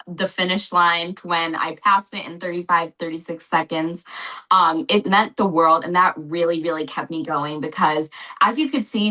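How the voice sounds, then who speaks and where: A woman's voice: lowish voice, bright, forceful tone, rough recording. A young woman answering interview questions in an earnest, effusive way, often saying "like.". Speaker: guest.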